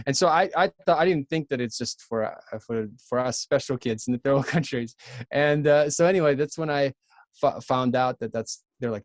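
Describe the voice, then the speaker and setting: A man in his thirties from Ukraine with a Ukrainian accent, a podcast guest telling his story in an earnest, halting way with many restarts. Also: medium pitch, no room sound, clean studio sound. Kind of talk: casual storytelling.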